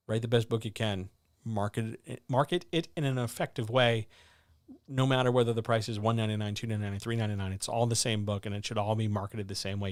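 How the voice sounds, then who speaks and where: On his livestream about writing advice, a man takes viewer questions in a blunt, sardonic, casual way. His delivery is animated with sudden pitch jumps, in studio-quality audio without room sound.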